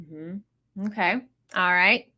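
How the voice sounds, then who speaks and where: A woman's voice: fairly low pitch, slow, sharp tone. A woman hosting a live online audio room, hyped and chatty with lots of exclamations. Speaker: host.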